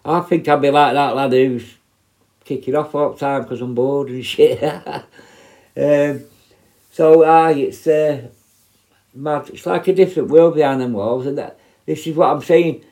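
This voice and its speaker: A man's voice: fairly high pitch, fairly even intonation, unhurried, pauses often, mellow. A middle-aged man, telling prison stories in a blunt, sweary, rambling way. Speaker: former prison officer. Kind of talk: casual storytelling.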